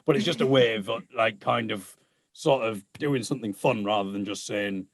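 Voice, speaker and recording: A man's voice: fairly low pitch, normal speed, gravelly, no echo, studio quality. A man, a guest musician chatting casually and laughing often at himself. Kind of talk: casual chat.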